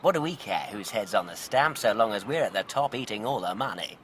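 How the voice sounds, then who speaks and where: An actor playing a smug, insulting upper-class English spy villain in a comic radio drama, with a pompous, sneering manner. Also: male voice, on the low side, lively intonation, a little fast, fairly bright tone, a little hiss or hum.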